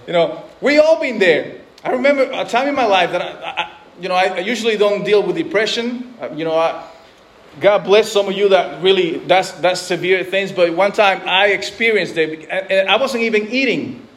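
A man's voice: sits high, moderate pace, a bit bright. A man preaching a sermon in an earnest way, often repeating and restarting words. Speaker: pastor.

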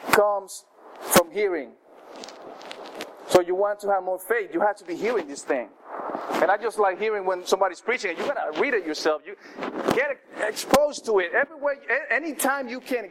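A man's voice: high voice, noisy background. A man preaching a sermon in a conversational way, often restarting his sentences and acting out the quotes he tells. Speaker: pastor.

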